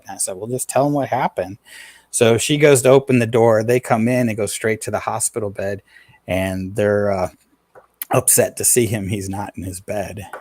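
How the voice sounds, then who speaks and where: A man's voice: lowish voice, a little mellow, no room sound. A middle-aged man, a paranormal investigator, telling a personal story in an interview in an earnest, plain-spoken way, acting out the dialogue.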